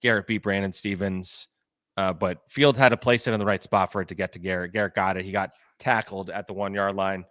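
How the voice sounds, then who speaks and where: A man's voice: deep voice, steady tone, a little fast, a bit bright, dry recording, clean studio sound. A man co-hosting a sports podcast, a reporter talking casually and rambling with lots of "like" and restarts. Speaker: beat reporter and podcast co-host.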